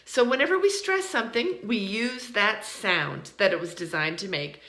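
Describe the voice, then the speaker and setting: A woman teaching English pronunciation in an online lesson, encouraging and repeating words slowly to model them. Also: mid-range voice, animated, sharp tone, reverberant.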